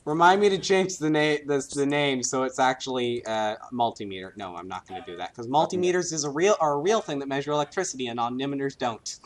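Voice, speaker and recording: A man's voice: mid-range voice, expressive, fast talker, few pauses. A man playtesting his own game mod, chatting casually with a friend, joking, teasing and laughing often. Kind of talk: casual gameplay banter.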